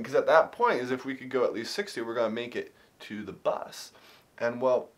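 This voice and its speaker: A man at an everyday middle pitch tells a personal story straight to camera. His talk rambles and is full of fillers and restarts. He speeds up and grows animated as he retells the tense moments. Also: brisk. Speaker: vlogger.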